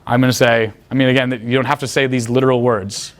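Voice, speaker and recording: A young man teaching as a dating coach in casual seminar talk, blunt and crude, checking in with his listeners often. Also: flat delivery. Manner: blunt and crude, acts out quick high-pitched quoted exchanges.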